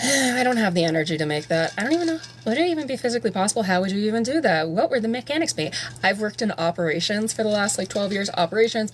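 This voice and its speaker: A woman's voice: medium pitch, slight background noise. A woman in her thirties chatting casually on a live stream at home, rambling and candid and swearing freely while she does her makeup. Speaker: livestreamer.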